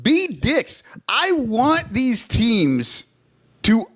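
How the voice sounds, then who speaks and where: A man's voice: very high voice, wildly swooping pitch, drawn-out words, a bit bright. A man co-hosting a casual baseball podcast, ranting heatedly and swearing often. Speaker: podcast co-host. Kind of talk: casual sports chat.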